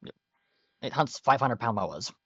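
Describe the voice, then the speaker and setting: A man runs a tabletop game, his pitch rising and falling freely as he narrates. He talks in a relaxed, halting way with fillers. The sound is dry and a little muffled, like voice chat. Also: breathy edge, no room sound. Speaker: game master.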